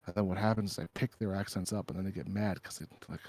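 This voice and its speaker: A man's voice: sits low, fairly even intonation, fast, darkish tone, no echo. Joking, loose-talking man on a call. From Minnesota. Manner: loose, joking, swears casually. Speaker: crypto stream host. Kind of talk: casual chat. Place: home, rural.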